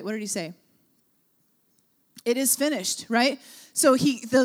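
A woman preaching a sermon in an earnest, emphatic way, often checking in with rhetorical questions. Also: fairly high pitch. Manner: earnest, emphatic, with frequent rhetorical "right?" asides.

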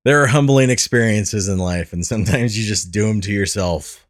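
Self-mocking podcast host, lower voice. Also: male voice, normal speed, dry recording, clean studio sound. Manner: rambling storyteller, laughs at himself often. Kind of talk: casual chat.

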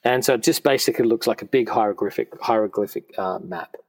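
Speaking quickly with vocal fry, this forties-aged podcast guest has a low, slightly mellow voice. He shares heartfelt personal stories in a studio, sincere and chatty, frequently beginning his sentences over.

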